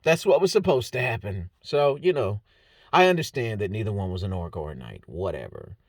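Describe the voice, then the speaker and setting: Animated joking man breaking down fights. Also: lowish voice, a little fast, dry recording, clean studio sound. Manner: joking, rambling, stumbles over names. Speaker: MMA fight breakdown host. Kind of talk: casual solo commentary.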